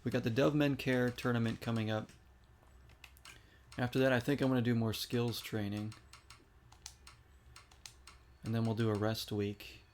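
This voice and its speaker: A man talking his way through a video game in a loose, chatty voice of middle pitch, reacting out loud as he plays. A faint hum of room ambience and keyboard clicks sits under his voice. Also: flat delivery, moderate pace, long pauses. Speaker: gaming streamer. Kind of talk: casual gameplay commentary.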